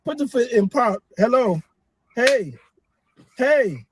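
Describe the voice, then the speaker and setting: Frantic high-voiced man yelling. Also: expressive, slow, background noise. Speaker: passenger in a comedy skit. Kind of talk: improvised comedy skit.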